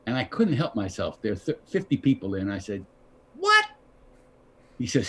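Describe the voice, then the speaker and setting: An older actor telling a story over a video call, animated, acting out the lines of the people in his story. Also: medium pitch, normal speed, vocal fry, breathy edge. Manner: animated, acts out quoted dialogue. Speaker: guest actor. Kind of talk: anecdotal storytelling.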